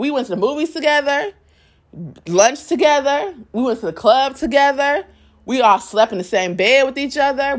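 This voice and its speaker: Young woman spilling a story to her viewers, blunt and cussing a lot, middle voice. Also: medium pitch. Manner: blunt, profane, talks straight to viewers; dramatic storyteller, acts out quotes. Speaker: vlogger. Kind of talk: candid storytime monologue.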